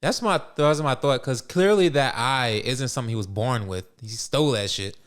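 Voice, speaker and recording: A man's voice: mid-range voice, moderate pace, fairly bright tone. A man co-hosting a podcast in casual chat, recapping anime plot points in a laid-back way. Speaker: podcast co-host.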